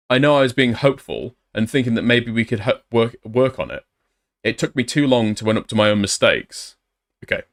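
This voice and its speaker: Guy ranting through old texts, sarcastic and sweary. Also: medium pitch. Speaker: commentator. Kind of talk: commentary reading out messages.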